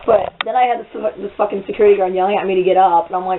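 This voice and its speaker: A young woman casually telling a story, rambling, excitable and full of swearing. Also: medium pitch, normal speed, slight background noise. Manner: rambling, profane, excitable retelling. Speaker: vlogger. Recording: phone-like narrow sound.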